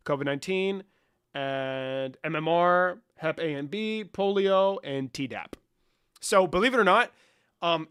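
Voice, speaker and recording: A brash young man from Mexico streams from his room, answering his chat in a loose, profane, mocking way. His voice sits a little high for a man, and the sound is close and dry, with no room echo. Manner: swearing, mocking, loud bursts and laughter. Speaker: livestreamer. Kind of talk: casual live stream talk to chat.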